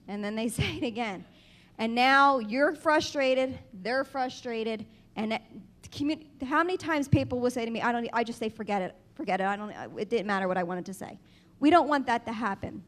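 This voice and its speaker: A woman speech-language pathologist giving a clear, explanatory conference presentation, stressing key advice to patients and caregivers. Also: high voice.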